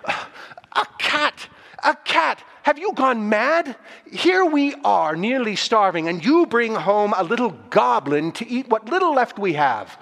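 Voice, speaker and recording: A man's voice: sits high, big pitch swings, moderate pace, fairly bright tone, breathy edge, voice pushed up, exaggerated voice. A man doing an exasperated poor young artist. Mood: indignant. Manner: exclamatory, indignant outbursts. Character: poor young male artist, hungry and irritable. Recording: reverberant hall.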